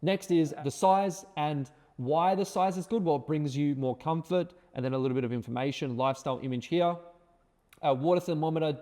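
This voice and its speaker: Male course instructor, emphatic and repetitive, mellow tone, fairly high voice, echoing room. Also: brisk. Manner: emphatic, repeats words, tag questions. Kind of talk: screen-share tutorial.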